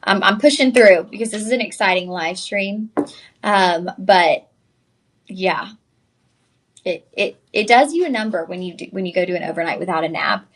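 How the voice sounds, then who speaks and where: A woman presents jewelry live on a shopping channel. She is chatty and effusive, speaks right to the viewers, and sounds a little tired. Her voice sits at an ordinary middle pitch. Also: animated, moderate pace.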